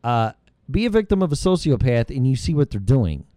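A man's voice: medium pitch, very animated, fairly quick, warm tone, no echo. A middle-aged man hosting his own show, delivering a heated, rambling monologue full of profanity. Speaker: show host. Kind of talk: ranting monologue.

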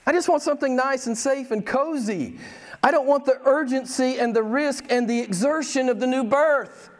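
A man's voice: very high voice, moderate pace, voice pushed up. A man mimicking a whiny reluctant churchgoer. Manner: whiny, mocking, self-indulgent. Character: reluctant churchgoer wanting comfortable faith.

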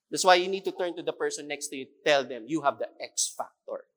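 Filipino guy preaching, pretty high voice, punchy and repeats his lines. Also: fast, hardly any pauses, a bit bright. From Philippines. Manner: emphatic preaching with repeated phrases, switching into Tagalog. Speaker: pastor. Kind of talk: sermon.

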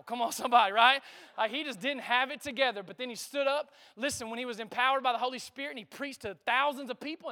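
A man preaches with a very high, bright voice. His sound is smooth and clear, and he talks in a lively, conversational way. He calls out for the congregation to answer him. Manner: lively preaching with call-and-response asides. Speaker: pastor. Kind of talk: sermon.

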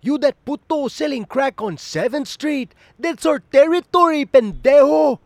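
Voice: sits high, animated, a little slow, darkish tone, no echo. A performer voicing a hotheaded male street gangster who swaggers and swears. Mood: tough.

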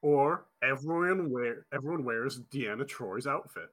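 A man's voice: mid-range voice, lively intonation, a little slow, a crowd in the background. A man co-hosting a podcast, chatting casually and laughing along with the others. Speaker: podcast co-host. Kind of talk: casual comedic chat.

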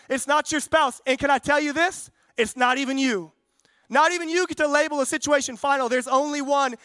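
A young man preaching with a strikingly high, bright voice, conversational and fervent. He slips into acted-out quotes as he talks to the congregation. The sound is close and dry. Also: no echo. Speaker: pastor. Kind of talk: sermon.

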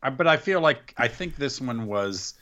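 A man's voice: medium pitch, expressive, moderate pace, sharp tone, highs cut off. A man co-hosting a casual podcast, talking enthusiastically about wrestling and laughing often. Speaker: podcast co-host. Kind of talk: casual chat.

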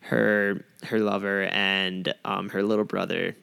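Brief: joking podcast co-host, gravelly voice, opinionated. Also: male voice, on the low side, flat delivery, takes it slowly, bright, forceful tone. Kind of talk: casual chat.

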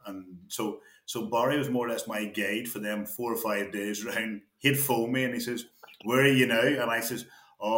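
Slightly bright and medium in pitch, this Tyrone man's voice carries through a room with noticeable echo. Once a county footballer, he's now a guest wandering through loose stories in easygoing conversation, imitating what others said and laughing a lot.

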